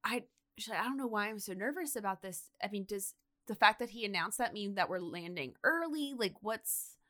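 A woman's voice: mid-range voice, animated, fairly quick, sharp tone. A woman co-hosting a podcast, casually retelling a story and acting out the quotes with lots of "like". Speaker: podcast co-host.

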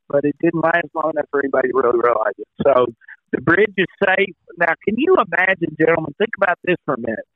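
A man with a slightly high voice talks in a folksy, chuckling storytelling way on a golf chat show. His voice comes through a tinny, phone-like line that sounds dry and close. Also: a bit bright, no room sound. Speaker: podcast co-host. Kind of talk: casual chat.

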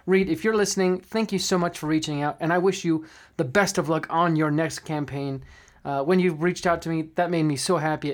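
A man hosting a podcast about running tabletop games, talking in a friendly, chatty way with fillers. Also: on the high side. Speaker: podcast host and game master. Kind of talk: casual podcast talk.

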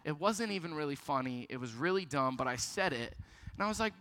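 A young man giving a youth ministry sermon, telling stories about himself in a lively, self-deprecating way. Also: high voice, a little fast. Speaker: youth pastor. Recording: long hall reverb.

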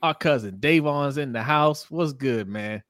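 On a sports livestream, a man co-hosting reads out viewer comments and welcomes each person by name, laughing frequently in an animated way. His voice sits at medium pitch with a measured pace, and the studio recording is clean with no echo.

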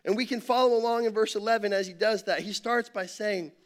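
High-voiced man preaching a sermon. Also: a little fast. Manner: conversational preaching, tells a joke with rhetorical questions. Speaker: campus pastor.

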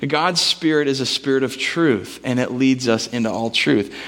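A man's voice: mid-range voice, normal speed, fairly bright tone. A man, a pastor, preaching a sermon in a casual, conversational way, mixing scripture with personal stories.

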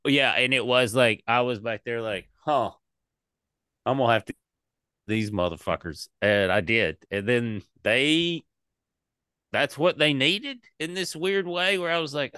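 A man with a medium-pitched, clear, resonant voice speaks a little slowly, recorded dry with clean studio sound. Co-hosting a podcast, he rambles about comedy shows in casual chat, animated and swearing a lot.

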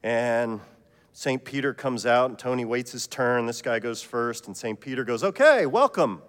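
A man preaching a sermon as pastor, telling a joke story in a relaxed, conversational way. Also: mid-range voice, normal speed, smooth, long reverb tail.

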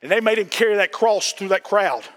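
A middle-aged male pastor preaching a sermon in a church. He repeats his phrases and breaks into emphatic shouting. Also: sits high, animated, fairly quick, long reverb tail. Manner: emphatic, repetitive, bursts into shouting.

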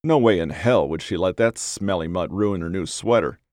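A man reading a story aloud as narrator, with measured, deliberate phrasing. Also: deep voice, a little mellow, no echo, studio quality.

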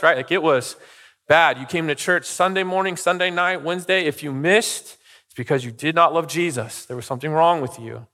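A man's voice: on the high side, fairly quick, pushed and bright. A middle-aged man preaching a sermon as pastor, talking casually and telling personal stories, checking in with "okay?" and "right?". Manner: conversational, storytelling, frequent "okay?" and "right?" asides. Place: church sanctuary. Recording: long reverb of a church hall.

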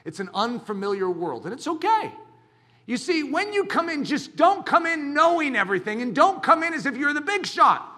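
A man preaching a sermon as a pastor, talking in an animated, dramatic way with bursts of shouting. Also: extremely high pitch, normal speed.

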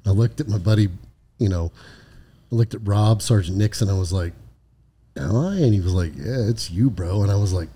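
A man, a former highway patrol lieutenant, telling a story casually on a podcast, swearing freely and tagging his lines with "right?". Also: moderate pace, dark tone, slightly rough. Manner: profane, frequent "right?" tag questions.

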